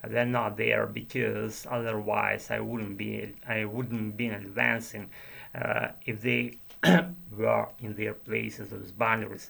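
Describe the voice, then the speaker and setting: A man's voice: fairly low pitch, creaky, a bit bright. A man with a Russian accent vlogging in a rambling, hesitant monologue, murmuring with many restarts. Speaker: language learner vlogger.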